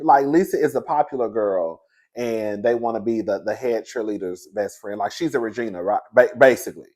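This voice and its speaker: A man recapping a reality TV episode in casual solo chat, sassy and animated, laughing often and acting out quotes. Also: medium pitch, normal speed.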